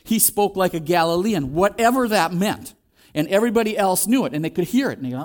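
A man's voice: high-pitched, expressive, brisk. A man preaching a sermon in a conversational way, acting out the quoted voices as he goes. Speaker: pastor.

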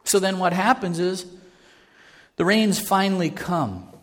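A man's voice: high voice, measured pace. A man preaching a sermon as pastor, earnest and conversational, building to fervor. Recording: reverberant church hall.

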